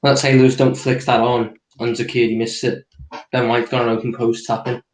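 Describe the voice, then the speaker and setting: A man's voice: mid-range voice, level tone, brisk, slight background noise. Man breaking down football tactics, echoey. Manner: explanatory, walks through positions on a drawing. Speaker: tactics analyst co-host.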